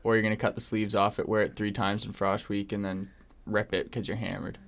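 A man's voice: lowish voice, level tone, fairly quick. A man co-hosting a casual podcast, laid-back and joking, with lots of slang. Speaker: podcast co-host. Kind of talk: casual chat.

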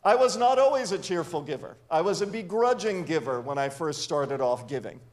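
A man's voice: fairly high pitch, expressive, a little fast. A man, a pastor, preaching a sermon in an earnest, conversational way, mixing scripture with personal stories. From grew up in a church with many missions givers.

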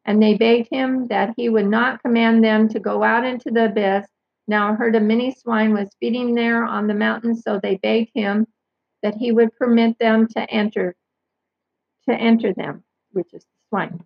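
A woman reading Bible passages aloud and commenting, carefully pausing to clarify who each pronoun means. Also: fairly high pitch, fairly even intonation, vocal fry, husky, no room sound. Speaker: Bible teacher. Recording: dull lo-fi sound.

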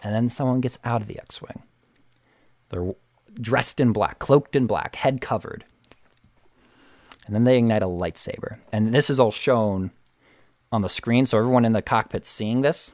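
A man casually retelling a TV episode with excitement, often restarting and repeating words. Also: medium pitch, normal speed, pauses often, dry recording, studio quality. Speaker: show recap host.

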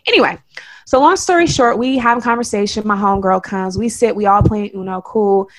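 A woman from Oakland with a Bay Area accent, co-hosting a podcast and telling a story in an emphatic, animated way. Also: mid-range voice, a little fast. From Oakland, California. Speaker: podcast co-host. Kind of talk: casual storytelling chat.

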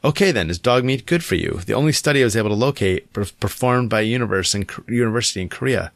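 A man co-hosting a casual podcast chat, reading an article aloud in a halting, squeamish way with many restarts. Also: medium pitch, lively intonation, gravelly, dry recording. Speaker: podcast co-host.

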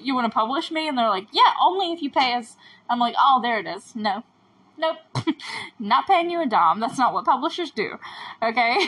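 A woman with a slightly husky voice talks through a show episode on her podcast. She is chatty and exasperated, laughs often and drifts into tangents, and her voice sits a little higher than most. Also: a bit bright, rough recording. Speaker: podcast host. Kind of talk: casual episode recap podcast.

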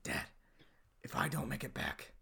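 A man voicing a young adult son bear leaving on a quest, who speaks softly and hesitantly with many fillers. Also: unhurried. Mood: tender.

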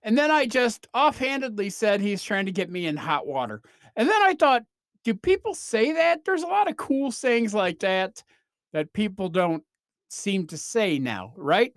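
A man rambles through a comic podcast monologue, his pitch leaping up and down with lively energy. He breaks into quick mock voices here and there. The sound is dry and close, with no room around it. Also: dry recording. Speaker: podcast host. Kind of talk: comedic monologue.

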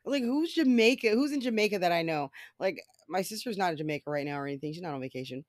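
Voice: mid-range voice, animated, quick pace, dry recording, clean studio sound. A podcast host in a casual solo monologue, swearing freely and rambling through stories.

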